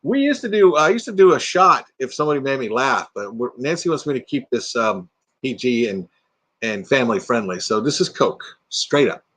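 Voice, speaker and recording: A man's voice: mid-range voice, big pitch swings, normal speed, fairly bright tone, breathy edge. An older man hosting a casual livestream from home, chatting with viewers, reading their comments aloud and laughing often. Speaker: livestream host. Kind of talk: casual live chat with viewers. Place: home room with green screen.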